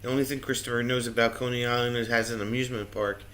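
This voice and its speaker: A man's voice: medium pitch, rapid-fire. A man co-hosting a casual livestream, cheerfully reading viewer comments and chatting. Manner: animated, cheerful, reads viewer comments aloud. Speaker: livestream co-host reading chat. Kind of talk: casual chat.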